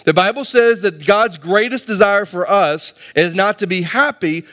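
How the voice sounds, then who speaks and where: High-voiced male pastor preaching. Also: animated, a little slow, hardly any pauses, a bit bright. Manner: conversational preaching with rhetorical questions to the congregation. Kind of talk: sermon.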